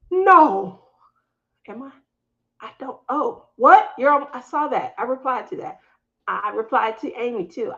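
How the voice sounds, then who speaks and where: A woman's voice: animated, slow pace, long pauses, a bit bright, dull audio. A middle-aged woman hosting a casual craft live stream, talking with her viewers, laughing often and acting out family members' lines in livelier voices. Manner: chatty, laughs often, acts out family quotes in higher voices. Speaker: craft channel host.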